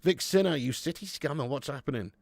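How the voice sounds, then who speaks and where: This host sounds a little high, expressive and creaky, talking briskly with no echo. In his late thirties, he runs a live football watch-along, trading relaxed banter with viewers, cursing, and addressing them as "mate" and "lad".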